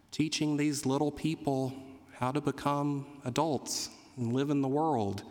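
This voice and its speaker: A man, a Catholic priest, preaching a Sunday homily with a gently humorous storytelling manner. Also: medium pitch. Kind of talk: sermon. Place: church. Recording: reverberant church hall.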